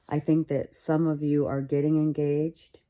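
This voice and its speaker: A woman reads tarot cards in a relaxed, thinking-aloud way, often repeating and restarting phrases. Her voice sits low with a warm, dark tone. She talks slowly and unhurriedly. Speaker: tarot reader. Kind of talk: casual tarot reading.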